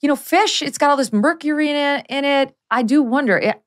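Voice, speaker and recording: A woman's voice: high-pitched, a little fast. A woman hosting an interview, asking questions and interjecting with short acknowledgments. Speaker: podcast host. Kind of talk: conversational interview.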